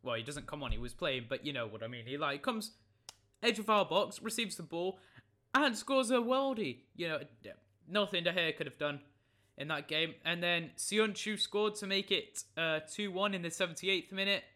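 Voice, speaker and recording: Chatty young football vlogger. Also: male voice, on the high side, a little fast, bright, forceful tone. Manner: jokey, rambling, self-correcting. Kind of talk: casual match recap.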